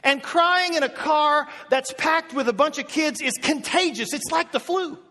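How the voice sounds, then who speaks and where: A male pastor preaching a sermon, telling an animated story with many asides and restarts. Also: extremely high pitch, normal speed. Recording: echoey hall with long reverb.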